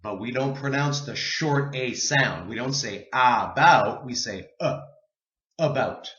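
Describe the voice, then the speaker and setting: A man teaching an English pronunciation lesson, slow and deliberate, drawing out sounds for learners to repeat. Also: mid-range voice, sharp tone, roomy sound, dull audio.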